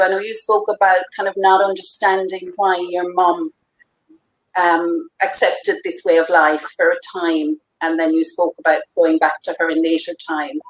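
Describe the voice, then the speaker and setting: A woman interviewing a guest, speaking in a gentle, affirming way. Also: on the low side, poor audio. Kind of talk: interview conversation.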